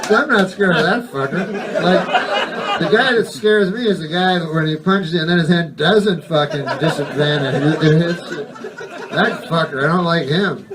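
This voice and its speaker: A male stand-up comedian telling a rambling, deadpan bit full of swearing and digressions. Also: on the high side, normal speed, recorded from a distance, crowd noise.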